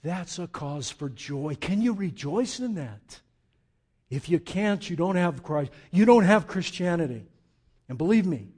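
Slow, impassioned male preacher. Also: a little high, breathy edge. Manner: impassioned, swings from hushed to loud preaching; repeats words for emphasis. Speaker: pastor. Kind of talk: sermon.

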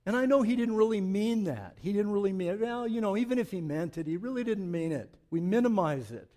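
High-voiced preaching man. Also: expressive, fairly quick. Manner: swings from loud emphatic preaching to low asides; joking, conversational. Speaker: pastor. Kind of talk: sermon.

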